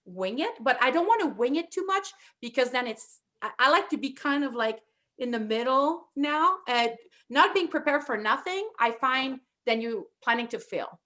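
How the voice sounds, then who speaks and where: A woman with a thick French accent, co-hosting a casual chat and telling animated, self-deprecating stories. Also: sits high, normal speed. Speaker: podcast co-host.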